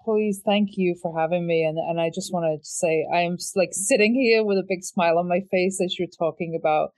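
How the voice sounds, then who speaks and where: Woman guest, low voice, warm and enthusiastic coach type, casual chat. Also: a little fast. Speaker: guest, marketing strategist and business coach.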